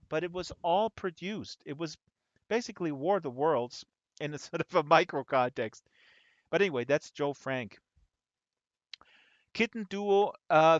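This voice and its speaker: A man hosting a casual chat, telling rambling, animated stories with many restarts. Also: a little high, no echo. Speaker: host. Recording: dull lo-fi dry audio.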